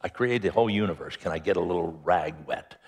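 A man voicing God as an exasperated, baffled figure in a lively, self-mocking, conversational way. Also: low voice, fast, breathy edge, pitched below the performer's own voice. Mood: incredulous. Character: exasperated God puzzling over a doubting man.

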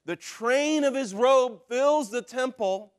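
A man preaching a sermon as a pastor, swinging from loud, driving lines to hushed ones and acting out the voices of people in his stories. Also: very high-pitched, slow pace. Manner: acts out quoted voices in his telling.

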